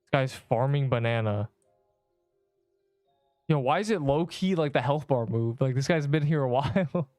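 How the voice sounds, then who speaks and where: A man's voice: mid-range voice, normal speed, long pauses, darkish tone, dry recording, studio quality, soft background music. A young man chatting casually with his viewers while he plays a video game, rambling and slangy. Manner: rambling, slangy, talks to chat while playing. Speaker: streamer. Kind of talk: casual gaming livestream chat.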